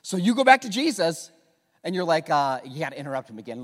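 A high-voiced man preaches to his congregation and acts out every scene, trading voices between characters. He stumbles into quick restarts as he goes, and his pitch swoops widely. His voice carries a long reverb from a big hall. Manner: animated storytelling, acting out dialogue; frequent stammered restarts. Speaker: pastor. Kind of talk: sermon.

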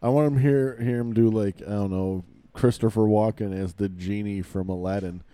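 A man's voice: on the low side, steady tone, moderate pace, dark tone, clear, resonant tone, no room sound. A man co-hosting a casual podcast chat in an easygoing way, often laughing along. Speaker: podcast co-host.

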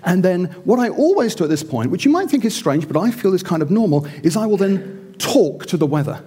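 A man's voice: high voice, sing-song, brisk, dark tone, husky. A middle-aged man telling a self-mocking story in a theatrical, sermon-like style. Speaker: speaker.

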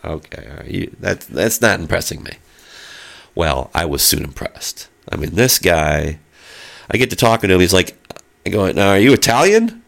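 A man's voice: low-pitched, very animated, normal speed, gravelly, fairly bright tone. A middle-aged man telling a long, rambling story in casual chat, with lots of fillers and spoken sound effects.

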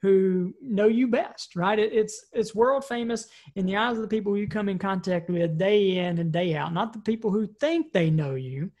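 A woman's voice: medium pitch, normal speed, hardly any pauses, warm tone. A woman giving a recorded training talk in a casual, conversational way, often adding "right?" and restarting her words. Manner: conversational, frequent "right?" tag questions; repeats and restarts words while thinking. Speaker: personal development trainer.

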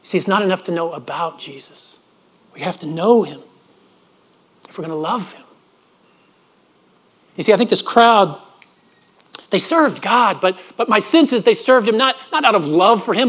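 Man, preacher, high voice, earnest sermon, frequent restarts. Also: expressive, moderate pace, long pauses, fairly bright tone. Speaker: pastor.

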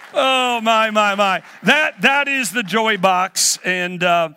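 A man's voice: high-pitched, expressive, measured pace, hardly any pauses, sharp tone, some chatter behind. A man in his sixties, a guest preacher leading a playful children's talk in a church, teasing the audience like a game-show host. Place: church hall.

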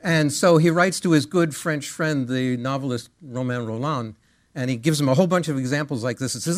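A male music teacher giving a lecture. He explains things in an animated way and sings rhythms aloud as syllables. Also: medium pitch, brisk, no echo, clean studio sound.

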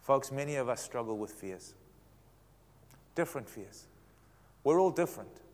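A man preaching a sermon as pastor, telling a story with animated quoted voices. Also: mid-range voice, moderate pace. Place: church sanctuary. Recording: long hall reverb.

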